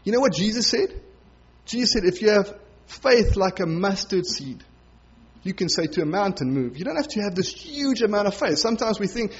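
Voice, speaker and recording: A man's voice: high voice, animated, moderate pace, breathy edge, muffled recording. A male pastor giving a conversational sermon, acting out the voices of the people he quotes.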